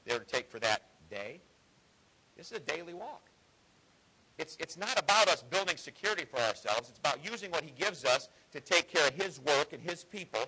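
Male preacher, slightly high voice, husky, earnest folksy sermon. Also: expressive, brisk, pushed and bright, low-quality recording. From Ohio.

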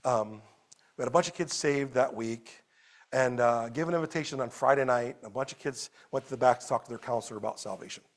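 A man preaching a sermon as a pastor at a church service, animated, moving between loud exclamations and quiet storytelling. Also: mid-range voice, fairly quick.

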